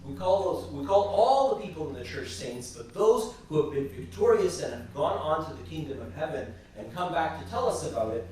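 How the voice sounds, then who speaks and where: Church teacher, man, fairly high voice, halting storyteller, heard from a distance in a very echoey church. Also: lively intonation, a little mellow, slight background noise. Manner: halting, repeats words while retelling stories. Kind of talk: storytelling religious class talk.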